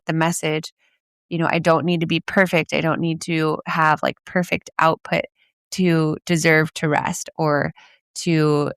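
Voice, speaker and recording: Low, gravelly woman coaching podcast host. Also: a bit bright, no echo, clean studio sound. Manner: chatty, frequent "like" and "you know"; laughs now and then, playful swearing. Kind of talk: casual solo podcast talk.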